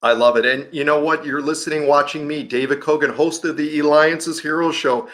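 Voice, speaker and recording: A man's voice: a little high, steady tone, fairly quick, fairly bright tone. Enthusiastic male interview host. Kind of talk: interview over video call.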